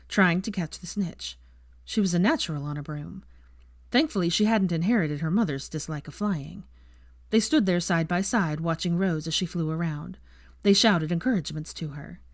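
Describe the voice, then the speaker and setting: A woman narrating fan fiction in a calm, even reading voice. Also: on the low side, no echo, clean studio sound. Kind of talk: storybook narration.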